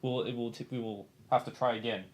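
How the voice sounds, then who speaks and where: A man's voice: mid-range voice, fast talker, crowd noise, rough recording. A man playing in a tabletop game, chatting casually and laughing often. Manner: laughing, animated. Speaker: player.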